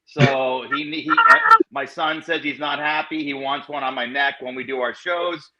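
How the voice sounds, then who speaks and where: A man's voice: medium pitch, fairly even intonation, moderate pace, sharp tone. A man co-hosting a sports podcast in a casual, jokey, self-deprecating way. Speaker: podcast co-host. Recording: dull lo-fi call audio.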